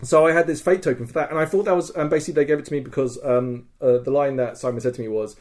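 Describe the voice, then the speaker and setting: A man co-hosting a podcast, telling a story in a casual, excitable way, swearing often and acting out other people's lines. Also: mid-range voice, very fast. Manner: swears a lot, animated retelling with quoted voices. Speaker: podcast co-host.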